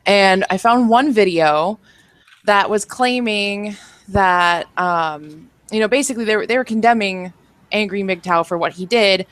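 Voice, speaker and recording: A woman in casual group voice chat who talks blunt and quick and swears heavily. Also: mid-range voice, fairly bright tone, no room sound. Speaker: livestream guest.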